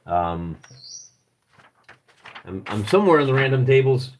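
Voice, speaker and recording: A man's voice: medium pitch, very animated, unhurried, a little hiss or hum. A man from Michigan with a Midwestern accent hosting a live stream, thinking aloud and joking at his own expense as he flips through a rulebook. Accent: Midwestern American. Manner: rambling, self-deprecating, thinks aloud while searching pages. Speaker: livestream host.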